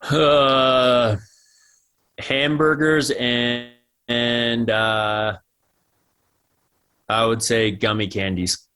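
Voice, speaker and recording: A man's voice: medium pitch, steady tone, extremely slow, pauses often, sharp tone, clean tone. An American man in his thirties, a guest athlete giving thoughtful answers in a casual podcast interview. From United States.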